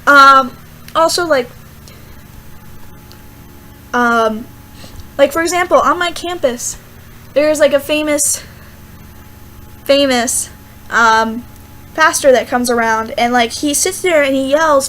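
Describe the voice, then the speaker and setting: A young woman, a student, rambling casually through a Bible verse vlog with lots of fillers and animated asides. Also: high voice, takes it slowly, long pauses, slight background noise, poor audio. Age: young adult. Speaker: student vlogger.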